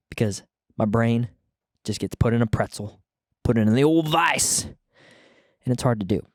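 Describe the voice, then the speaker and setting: A man's voice: medium pitch, lively intonation, normal speed, pauses often, a little mellow, dry recording, clean studio sound. A young man hosting his own casual podcast, rambling and joking at himself, a little out of breath after the gym. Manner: rambling, self-deprecating, restarts mid-sentence. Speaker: podcast host. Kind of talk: casual solo podcast talk.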